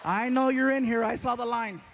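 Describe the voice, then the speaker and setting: High-voiced guy doing stand-up, animated, acts stuff out, big reverby theater. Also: fairly quick, creaky, some chatter behind, slight background noise. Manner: animated storytelling, yelps and acts out scenes. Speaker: stand-up comedian. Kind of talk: stand-up comedy.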